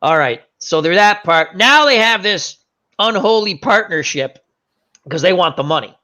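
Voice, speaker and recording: A man's voice: sits high, lively intonation, moderate pace, bright, forceful tone. A man hosting a casual chat, retelling scenes animatedly with fillers and self-corrections. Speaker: host. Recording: dull lo-fi recording.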